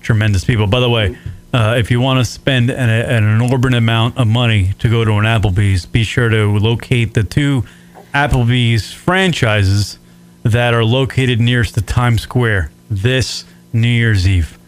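A man's voice: medium pitch, fairly even intonation, normal speed. A male radio show host trading profane jokes, often stammering and restarting his sentences. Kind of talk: profane casual banter.

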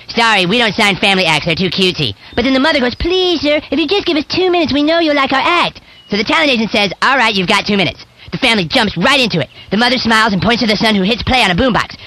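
A man's voice: extremely high pitch, sharp tone, full character voice. A man voicing a bratty, foul-mouthed cartoon boy who tells a joke gleefully and pushes on when others beg him to stop. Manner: gleeful, pushy, ignores pleas to stop. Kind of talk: cartoon clip played on air.

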